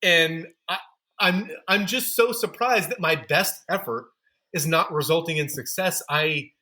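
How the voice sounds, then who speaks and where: Bright-voiced man telling candid stories. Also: on the high side, unhurried. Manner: candid, self-deprecating storyteller. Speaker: podcast guest, running store founder. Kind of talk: storytelling in a podcast interview.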